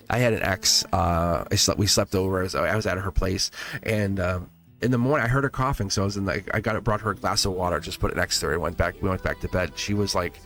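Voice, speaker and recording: Chatty tarot-reading man, low voice. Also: fairly bright tone. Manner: chatty and encouraging, laughs often, restarts words. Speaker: tarot reader hosting a livestream. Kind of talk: casual live tarot reading.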